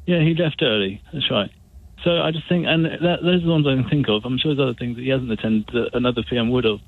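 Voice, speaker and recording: A man's voice: mid-range voice, quick pace. A man calling into a radio phone-in, rambling and restarting as he makes his point. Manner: rambling, hesitant, full of restarts. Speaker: caller. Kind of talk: phone-in call. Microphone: telephone. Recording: tinny phone line.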